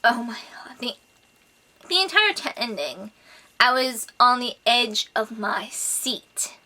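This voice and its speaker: A woman reviewing a book in a casual vlog, gushing and excitable, full of "like" and "oh my God". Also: a little high, takes it slowly. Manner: gushing, excitable, filler-heavy with lots of "like" and "oh my God".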